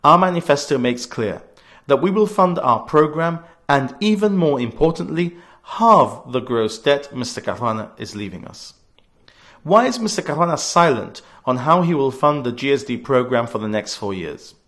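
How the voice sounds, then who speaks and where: Guy around 40 doing a political radio speech, earnest and punchy, really animated pitch. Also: moderate pace. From Gibraltar. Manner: earnest, emphatic, stresses key words. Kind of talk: scripted political radio address.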